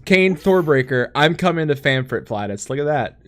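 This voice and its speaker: A man's voice: a little high, lively intonation, moderate pace. An American man hosting a casual gaming podcast, joking, reading chat aloud and laughing often. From United States. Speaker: podcast host.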